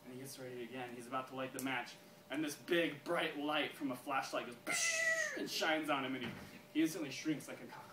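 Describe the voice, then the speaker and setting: A man casually pitching a story to a group, laughing often and restarting his sentences. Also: fairly even intonation, sharp tone, slight background noise. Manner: giggly, keeps breaking into laughs; halting, many restarts. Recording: echoey room, far from mic, crowd around.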